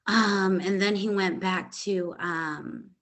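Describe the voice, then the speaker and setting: A young adult woman, a podcast host, calmly retelling a personal story with hesitant pauses and many fillers. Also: medium pitch.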